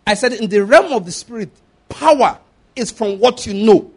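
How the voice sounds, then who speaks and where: High-pitched male preacher, emphatic and repetitive sermon delivery. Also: expressive, normal speed, darkish tone. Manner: emphatic, repeats phrases, asks listeners if they follow.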